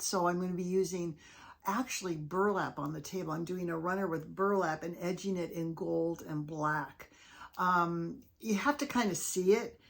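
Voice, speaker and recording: A woman's voice: lowish voice, normal speed, gravelly. A woman hosting a casual crafting vlog, chatty and enthusiastic as she shows off her handmade pieces. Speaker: craft video host.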